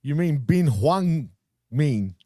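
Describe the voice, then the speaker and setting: A man with a dark, mellow voice co-hosts a relaxed wrestling podcast. He laughs easily and rambles through anecdotes in loose, slangy talk. The recording is close and dry. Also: fairly high pitch, takes it slowly, no room sound. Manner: laughs often, loose storytelling with "dude" and "man". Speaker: podcast co-host. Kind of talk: casual wrestling podcast chat.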